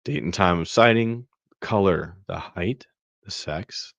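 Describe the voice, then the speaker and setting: A man's voice: sits low, slow pace, vocal fry, a bit bright, no room sound, dull audio. A man hosting a podcast, casually walking through a web map with many fillers and restarts. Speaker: podcast host. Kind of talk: casual screen-share walkthrough.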